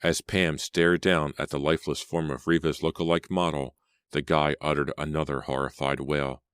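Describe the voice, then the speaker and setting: A man reading a horror story aloud as an audiobook narrator, steady and suspenseful. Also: extremely low pitch, moderate pace, clear, resonant tone, no echo, studio quality. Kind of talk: scripted narration.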